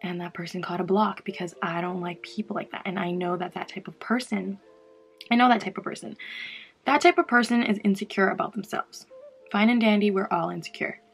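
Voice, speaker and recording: A young woman from Canada chatting casually to camera while doing her makeup, animated and sometimes mocking. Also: medium pitch, a little fast, creaky, husky. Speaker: beauty vlogger. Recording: faint music behind.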